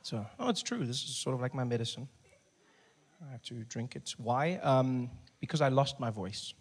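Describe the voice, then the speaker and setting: A man telling a stand-up comedy story, acting out other people in hushed and loud voices. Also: medium pitch, normal speed, slightly rough. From South Africa. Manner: animated, acts out characters in hushed and loud voices.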